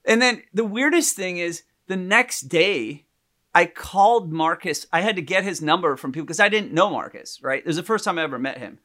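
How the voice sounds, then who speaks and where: A man telling a story in casual chat, animated, acting out the people he quotes. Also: high-pitched, brisk.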